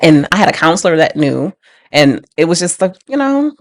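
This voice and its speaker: Casual woman telling her story, low voice. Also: sing-song, normal speed, no room sound. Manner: casual, emphatic, repeats phrases, laughs through hard memories. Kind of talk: candid personal storytelling.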